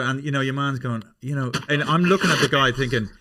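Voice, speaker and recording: A man's voice: mid-range voice, fast talker, bright, forceful tone. A middle-aged man with an Irish accent, hosting a podcast in rambling, swear-laden casual chat that keeps correcting itself. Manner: rambling, profane and self-correcting. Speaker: podcast host.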